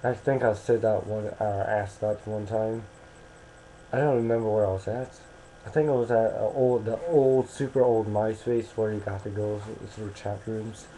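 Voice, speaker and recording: A man's voice: fairly low pitch, fairly even intonation, moderate pace, dark tone, a little hiss or hum, poor audio. A young American man talking casually into a webcam, rambling and hesitant with many restarts. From United States.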